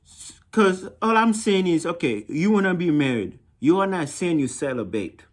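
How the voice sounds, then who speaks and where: A man's voice: a little high, lively intonation, normal speed. A man with a Haitian accent giving blunt, mocking dating advice in a casual monologue, often repeating himself.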